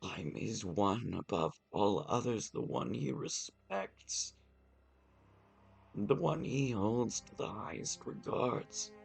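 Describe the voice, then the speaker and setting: A man voicing a devoted older male knight in a tabletop game, gravelly and solemn. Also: lowish voice, animated, slow, soft background music, voice pushed up, heavily acted. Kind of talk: tabletop role-play voicing.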